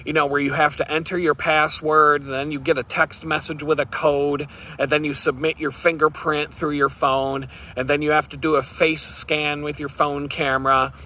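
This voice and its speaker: Male vlogger, sarcastic rambling rant, bright forceful tone, slightly high pitch. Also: little pitch movement, moderate pace, hardly any pauses, slight background noise. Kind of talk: casual rant to camera.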